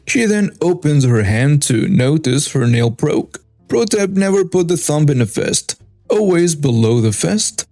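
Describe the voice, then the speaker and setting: A man narrating a first-person story with wry, animated asides. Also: on the high side, a little slow, no room sound, faint music behind.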